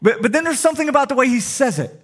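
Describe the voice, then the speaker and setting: A man's voice: extremely high pitch, sing-song, very fast, fairly bright tone. A middle-aged male pastor preaching a sermon in a humorous, conversational storytelling way.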